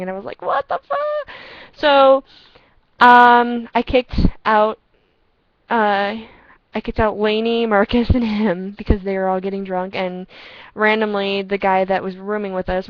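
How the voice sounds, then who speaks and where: A young woman casually telling rambling, excitable stories to a friend over a headset, often breaking into laughter. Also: mid-range voice, dry recording, muffled recording. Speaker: storyteller chatting with a friend. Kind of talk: casual storytelling chat. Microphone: earpiece headset.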